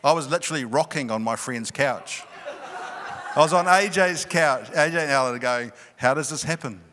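A middle-aged male pastor telling a personal story in a sermon, animated and often laughing. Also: medium pitch, normal speed, noisy background. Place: large church hall. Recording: long reverb of a church hall.

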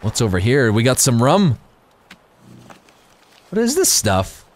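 A man giving casual, rambling let's-play commentary while gaming, excitable and quick to laugh. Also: medium pitch, slight background noise. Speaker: gaming YouTuber.

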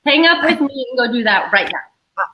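A woman's voice: high-pitched, animated, moderate pace, sharp tone, slight background noise, poor audio. A young adult woman speaking as an interview guest, earnest and heartfelt. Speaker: guest, event co-founder. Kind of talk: casual interview chat.

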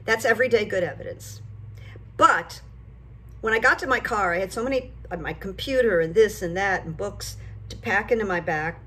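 An older woman chats straight to her viewers in a casual vlog, telling everyday stories. Her manner is chatty and lively, and it gets animated whenever she retells a moment. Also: mid-range voice. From United States. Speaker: vlogger and psychic coach. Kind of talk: casual talk to camera.

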